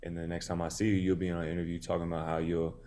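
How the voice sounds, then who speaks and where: A man's voice: sits low, monotone, rapid-fire, mellow. A male boxer in his thirties from Tennessee, telling a story in a casual interview, laid-back with many fillers. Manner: laid-back, many "you know" fillers, acts out quoted dialogue.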